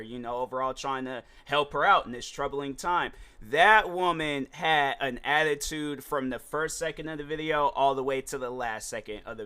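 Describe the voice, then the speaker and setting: A man's voice: medium pitch, sharp tone, clean tone. A man hosting his own show, chatting casually and rambling with slang and frequent restarts. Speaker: show host. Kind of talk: casual solo vlog chat.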